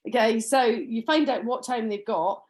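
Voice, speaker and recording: A woman runs an informal sales training session. Her voice sits a little high, and she talks in a loose, chatty way full of ums and restarts. Now and then she slips into acting out what a customer might say. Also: moderate pace, darkish tone.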